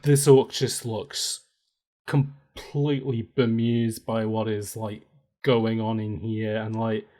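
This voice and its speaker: A man's voice: lowish voice, level tone, slow pace, mellow. A man narrating as game master of a tabletop role-playing game, playful and laughing often.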